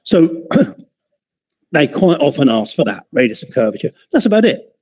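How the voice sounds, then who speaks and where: A man's voice: a little high, very animated, moderate pace, a little mellow, breathy edge, poor audio. A man teaching an optics class in an informal, chatty way, often digressing and restarting his sentences. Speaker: optics lecturer.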